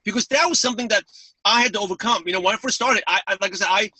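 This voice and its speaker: A man from New York with a New York accent and a lisp, talking fast and eagerly as a guest speaker on a webinar call. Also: high voice, sharp tone, husky, dry recording, recorded from a distance, low-quality recording. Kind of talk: webinar talk.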